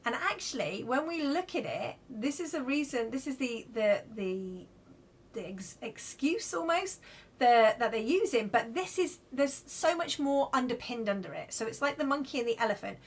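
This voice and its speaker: A woman with a bright, high-pitched voice runs a live card reading. She talks chattily and reassuringly to her viewers and keeps checking in with them as she goes. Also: animated, normal speed, husky. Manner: chatty, reassuring, lots of "okay?" and "right?". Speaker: card reader.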